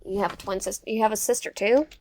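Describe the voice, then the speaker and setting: A woman voicing a quiet, curious young yandere man in a dating game, asking soft, probing questions. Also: medium pitch, fairly even intonation, fast talker, natural voice.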